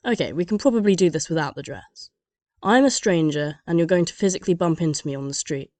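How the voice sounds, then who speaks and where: A woman's voice: lowish voice, lively intonation, quick pace, darkish tone, no room sound. Dry-humoured woman narrator. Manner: dry, sardonic. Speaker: comedy narrator and animator. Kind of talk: scripted comedic narration.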